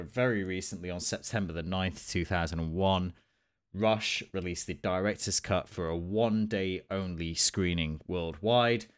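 A young man co-hosting a casual review podcast, relaxed and full of ums. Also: lowish voice. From England. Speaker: podcast co-host.

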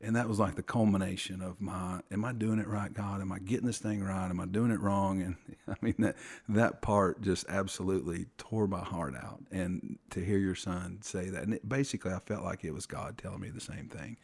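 A middle-aged man telling a personal faith story on a podcast, earnest and halting, often restarting his sentences. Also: low-pitched, steady tone, creaky, darkish tone, slightly rough. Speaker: podcast guest.

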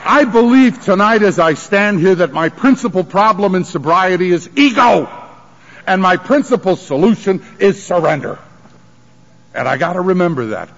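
A man's voice: high voice, animated, moderate pace, fairly bright tone. A man telling his recovery story at a sobriety conference, confessional and emotional with wry humor, on a dull archival tape. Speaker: recovery meeting speaker.

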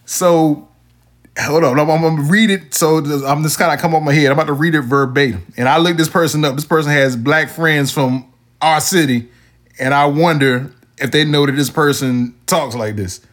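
A male podcast host with a slightly high voice chats casually about his day. He tells his stories with lots of animation, acting out the messages he quotes in exaggerated tones. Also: moderate pace, a bit bright. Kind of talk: casual chat.

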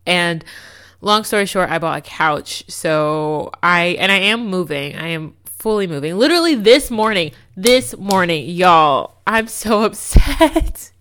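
A young woman hosting a casual solo podcast, telling stories in an animated, exasperated way with lots of fillers. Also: fairly low pitch, a little slow. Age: young adult. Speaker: podcast host.

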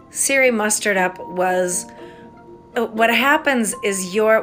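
A woman's voice: medium pitch, fairly bright tone. An American woman hosting a podcast, rambling in a casual monologue, spelling words out, swearing and trailing off mid-thought. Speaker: podcast host.

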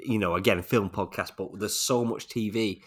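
A man's voice: fairly low pitch, normal speed. A man co-hosting a podcast, chatting casually and joking about what he watches. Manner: chatty, jokey, laughs often. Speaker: podcast co-host. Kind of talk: casual chat.

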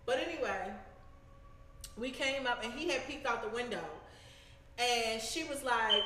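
Blunt high-voiced woman in an echoey room. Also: measured pace, pauses often, slight background noise. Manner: blunt, animated, profane. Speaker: show host. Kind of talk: casual storytelling chat.

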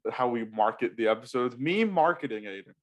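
A man's voice: medium pitch, expressive, a little fast. A man hosting a podcast in casual chat, rambling and restarting sentences, often laughing. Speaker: podcast host and editor.

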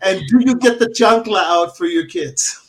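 A man's voice: high-pitched, moderate pace, a bit bright. A man hosting a casual interview show, asking teasing, joking questions. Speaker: host.

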